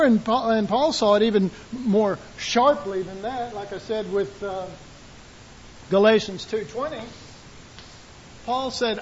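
A man preaching a sermon in a folksy, animated way, acting out quotes and shouting call-and-response lines. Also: sits high, a little slow, muffled recording, slight background noise.

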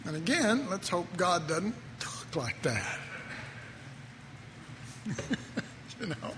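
A man's voice: sits high, big pitch swings, slow. A man preaching a sermon in a loose, conversational way, often breaking off and chuckling at his own asides. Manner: conversational, self-interrupting, laughs at own jokes. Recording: echoey hall, faint noise.

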